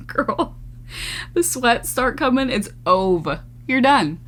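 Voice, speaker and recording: A woman's voice: on the high side, animated, slow pace, a bit bright. A young woman vlogger reading out viewer confessions in a casual, giggly chat, often breaking into laughter and mock horror.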